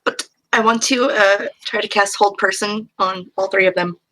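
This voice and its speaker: A woman playing a tabletop game, speaking earnestly and trying to calm things down. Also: mid-range voice, normal speed, a little hiss or hum. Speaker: player.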